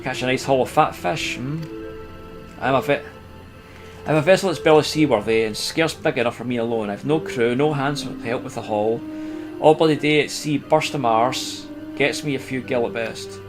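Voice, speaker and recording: A man voicing a broken, weary older fisherman in a video game, grumbling in a rough rustic dialect. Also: mid-range voice, moderate pace, over music, lightly acted. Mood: gloomy.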